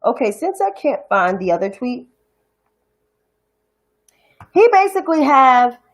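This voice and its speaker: A woman with a New York accent hosts a livestream in a fairly high voice. She talks casually and bluntly, swears freely, and sounds fed up. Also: very animated, measured pace. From New York City (Harlem). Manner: blunt, profane, indignant ranting. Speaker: commentary show host.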